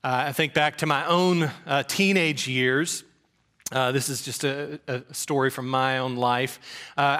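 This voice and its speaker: A middle-aged man from preaches in a bright, forward voice pitched a little high. He tells folksy, self-deprecating stories from his own life. The delivery stays relaxed and conversational. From rural Georgia, US. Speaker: pastor. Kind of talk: sermon with personal stories.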